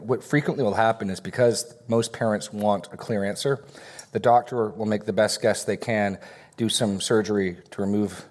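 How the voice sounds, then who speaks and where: A man's voice: lowish voice, a little mellow. A man, a pastor, answering audience questions in a church discussion with firm, conversational speech.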